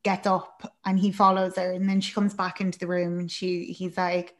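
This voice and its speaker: A woman's voice: on the low side, little pitch movement, moderate pace. A woman casually recapping a film, chatty and rambling, with fillers and swearing.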